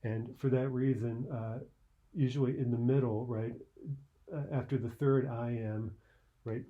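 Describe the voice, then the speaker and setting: A man's voice: medium pitch, fairly even intonation, measured pace, narrow, tinny audio. A man teaching a poetry lesson, thinking aloud with many "uh"s and "right?"s as he explains a poem line by line.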